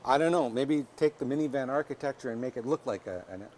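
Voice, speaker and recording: A man's voice: medium pitch, fast talker, darkish tone, a little hiss or hum. A man with a Canadian accent co-hosting a car review, explaining practical features with dry quips. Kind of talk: casual banter reviewing a vehicle.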